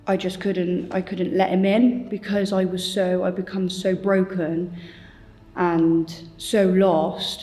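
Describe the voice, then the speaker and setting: A woman giving an earnest, halting personal testimony, with faint music behind her. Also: lowish voice, warm tone. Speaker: church testimony speaker.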